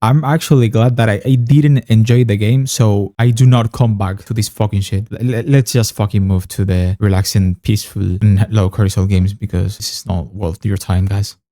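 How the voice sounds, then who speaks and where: A man's voice: fairly low pitch, steady tone, moderate pace, hardly any pauses, warm tone, no room sound, studio quality. A young man giving frustrated, sarcastic gameplay commentary, swearing often. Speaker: gaming YouTuber.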